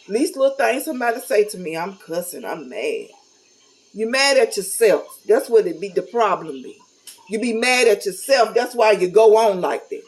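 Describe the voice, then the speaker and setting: Middle-aged woman, blunt, folksy, candid vlog talk, mid-pitched voice. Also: lively intonation, moderate pace, poor audio. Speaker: vlogger. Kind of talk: casual talk to camera.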